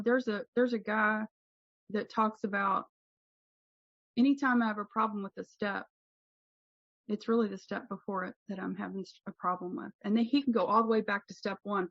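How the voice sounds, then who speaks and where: A woman's voice: mid-range voice, a bit bright, dry recording, lo-fi sound. A woman from Kentucky giving a candid, self-mocking personal share as a guest speaker at a recovery meeting, often restarting her sentences.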